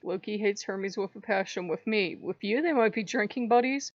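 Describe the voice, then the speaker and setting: A woman hosting her own channel, telling a story in a casual, animated way, with frequent swearing, laughter and acted-out quoted voices. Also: mid-range voice, moderate pace, no echo, lo-fi sound. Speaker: channel host. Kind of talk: casual spiritual vlog monologue.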